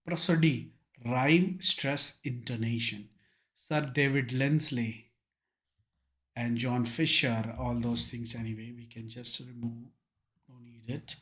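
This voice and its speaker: A young man with an Indian English accent teaching an online exam revision lecture, drilling key terms with emphasis and mixing in Hindi words. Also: medium pitch.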